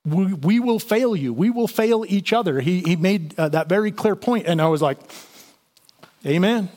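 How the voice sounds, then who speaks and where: A man with a slightly higher voice delivers a relaxed, conversational sermon. He walks through the scripture passage, stopping to explain it with plenty of "you know" and small restarts. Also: normal speed. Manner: conversational Bible teaching with fillers and restarts. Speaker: pastor.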